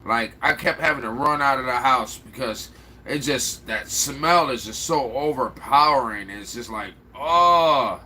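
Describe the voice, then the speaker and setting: A man's voice: medium pitch, unhurried, bright, forceful tone, a little hiss or hum. A man with a slight Chicago accent, rambling and answering viewer comments aloud in a casual livestream chat. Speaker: livestream host.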